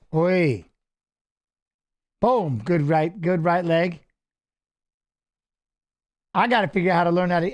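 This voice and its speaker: Middle-aged guy w a high voice riffing thru a fight live, yelling tips at the fighters. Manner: chatty, coaching fighters aloud, excited calls. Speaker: watch-along host. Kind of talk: casual live fight commentary.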